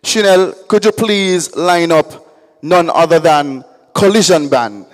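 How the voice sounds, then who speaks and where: A man introduces the lineup at an event launch, taking his time and filling pauses as he goes. His voice is slightly high, and a long reverb rings around him in the hall. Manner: unhurried, measured, with filler pauses. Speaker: event host.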